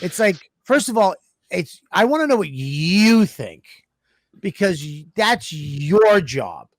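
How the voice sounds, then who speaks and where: A man's voice: high voice, very animated, measured pace, no echo, studio quality. A man co-hosting a casual comedy podcast, ranting with profanity and sarcasm. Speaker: co-host.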